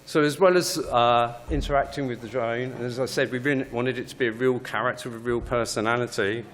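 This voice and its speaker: A man's voice: mid-range voice, fairly even intonation, a little fast, fairly bright tone. A man, a game developer, giving a casual conference talk with many fillers.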